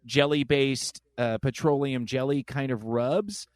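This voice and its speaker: A man's voice: mid-range voice, unhurried, dry recording, clean studio sound. A man hosting a podcast in casual chat, telling stories with acted-out voices. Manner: animated storyteller, acts out voices. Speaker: podcast host.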